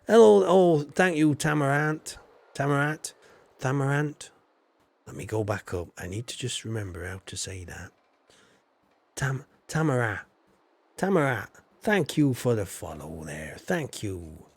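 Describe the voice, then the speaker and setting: A man's voice: mid-range voice, lively intonation, a little slow, creaky, slightly rough. A man rambling casually with lots of fillers while he streams a game. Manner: rambling, chatty, with many fillers. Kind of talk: casual live-stream chatter.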